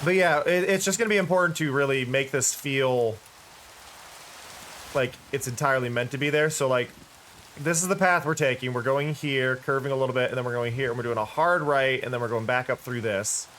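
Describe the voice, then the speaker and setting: A man's voice: mid-range voice, a little fast, a bit bright, a little hiss or hum. A tired-sounding man streaming a game, thinking aloud in casual commentary with frequent restarts. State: tired, yawning.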